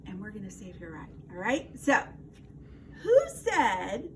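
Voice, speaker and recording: A woman teacher giving a slow, encouraging read-aloud lesson to young children, quizzing them and praising answers. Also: mid-range voice, huge pitch swings. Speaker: first grade teacher. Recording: distant mic, faint background noise.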